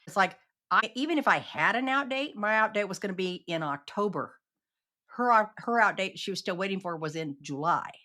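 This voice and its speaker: A woman's voice: medium pitch, lively intonation, normal speed, bright, forceful tone. A woman guest on an interview podcast telling a personal story earnestly and acting out the quoted exchanges.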